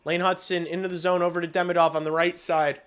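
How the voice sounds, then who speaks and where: Excitable man calling hockey live. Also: sits high, quick pace, clean tone. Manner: excitable, shouts on big plays, swears casually. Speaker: streamer giving play-by-play. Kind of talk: live watch-along hockey commentary.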